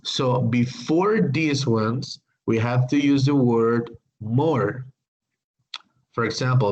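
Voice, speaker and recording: A man teaching an English grammar class online, speaking slowly and hesitantly, with many fillers and apologies. His first language is Spanish. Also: medium pitch, a little mellow, a little hiss or hum, poor audio.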